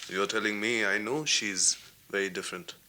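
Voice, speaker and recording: An actor playing a measured, quietly sarcastic male film director. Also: on the low side, steady tone. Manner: measured, dry, quietly probing. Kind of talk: 1990s TV drama acting.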